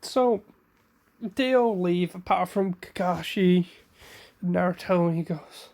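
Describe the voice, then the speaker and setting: Slow, rambling male storyteller. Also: high voice, gravelly, darkish tone. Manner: unhurried, rambling, self-correcting. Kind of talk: casual fan-fiction retelling.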